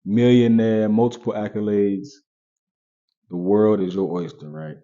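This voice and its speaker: A man's voice: fairly low pitch, fairly even intonation, measured pace, mellow. Male vlogger, casual direct-to-viewer commentary, dull lo-fi recording. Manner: conversational, repeats points, talks straight to viewers.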